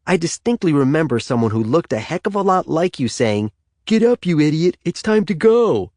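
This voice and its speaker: A man's voice: fairly high pitch, sing-song, moderate pace, darkish tone, no echo, voice pushed up. A sarcastic, whiny teenage boy who grumbles in a raised, mocking voice, as a narrator puts him on. His lines swing up and down, dry and close in a storybook reading.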